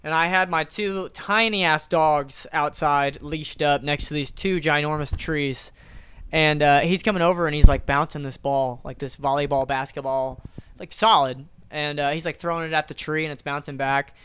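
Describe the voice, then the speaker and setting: Young man telling a lively story, crisp. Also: on the high side, normal speed, dry recording. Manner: animated storyteller, acts out quotes, swears casually. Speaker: podcast co-host. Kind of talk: casual chat.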